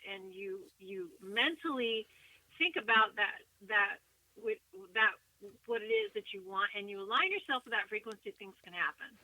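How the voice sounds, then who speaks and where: A woman singer, a guest on an interview show, chatting and telling a lively story with frequent laughter. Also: mid-range voice, moderate pace, no echo, poor audio. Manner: animated, chatty, laughs often.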